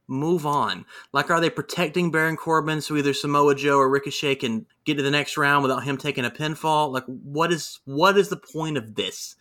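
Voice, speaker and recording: Man, casual recap chat, excitable, bright tone, a bit high. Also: moderate pace, hardly any pauses. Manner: excitable, animated retelling. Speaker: podcast co-host.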